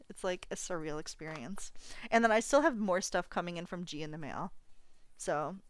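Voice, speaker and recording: A woman's voice: on the low side, smooth, no echo. Emotional young woman streamer, close and dry. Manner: gushing, emotional, full of fillers and restarts. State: teary, on the edge of crying. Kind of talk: casual live-stream chat to viewers. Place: home apartment.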